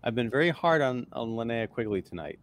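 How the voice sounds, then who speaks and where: A man guesting on a casual live-stream chat, wry and joking with quick asides. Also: medium pitch, lively intonation, a little hiss or hum. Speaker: guest film critic.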